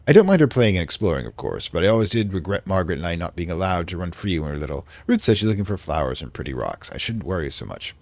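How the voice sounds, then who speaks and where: A man voicing a lonely, wistful village seamstress from the 1920s, reading her diary softly with a vaguely British accent. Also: low voice, very animated, quick pace, vocal fry, hardly any pauses, no room sound, full character voice. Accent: vaguely British, put on. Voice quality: soft, genteel reading voice. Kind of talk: reading diary entries aloud in character.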